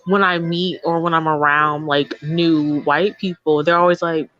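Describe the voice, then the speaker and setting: Slow-talking young woman, lowish voice. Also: fairly even intonation, a bit bright, no echo, highs cut off. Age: young adult. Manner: slow, measured storytelling with filler "like". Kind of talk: casual podcast chat.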